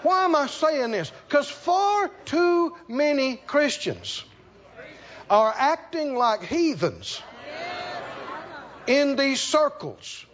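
High, expressive male preacher; emphatic sermon storyteller, slightly muffled recording. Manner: storytelling with animated asides and laughter; emphatic, repeats key lines slowly.

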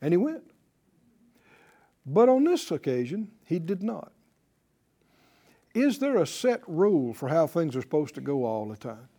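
A man's voice: on the high side, very animated, unhurried, pauses often, mellow. A man teaching a Bible lesson in sermon style, emphatic and putting rhetorical questions to his listeners.

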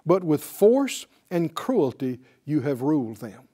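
A man's voice: fairly high pitch, very animated, takes it slowly, dark tone. A man preaching a sermon, emphatic, often asking the congregation questions.

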